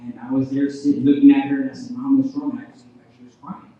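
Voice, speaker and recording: A man preaching a revival sermon as a guest preacher, telling his testimony and often calling out "ladies and gentlemen", his loudness rising and falling. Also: medium pitch, flat delivery, fast talker. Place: church hall. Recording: echoey hall, distant dull mic.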